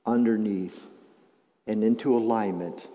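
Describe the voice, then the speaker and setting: A male pastor preaching a sermon, moving from quiet, reflective passages to loud, emphatic build-ups. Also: on the low side, fairly even intonation, unhurried. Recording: muffled sound with long hall reverb.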